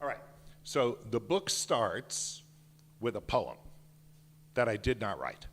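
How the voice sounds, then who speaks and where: Animated older man in an echoey hall. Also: medium pitch, takes it slowly. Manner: animated, emphatic storyteller. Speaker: children's book author. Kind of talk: author talk and picture book reading. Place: synagogue hall.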